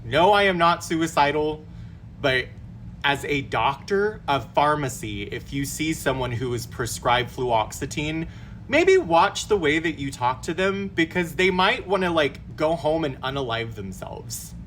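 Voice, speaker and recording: A man's voice: on the high side, a little slow, a little hiss or hum. A young man telling an indignant storytime rant into his phone camera, swearing as he goes. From Texas. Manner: indignant, animated storytelling with profanity. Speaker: storytime vlogger.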